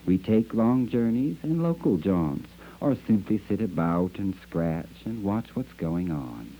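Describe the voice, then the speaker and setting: A man's voice: fairly low pitch, very animated, measured pace, husky, pitched above the performer's own voice, full character voice. A man voicing a flock of squawking, cooing birds. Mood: cheerful. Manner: mimics quacks, hoots and chirps. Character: chorus of chattering wild birds. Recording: dull lo-fi archive recording.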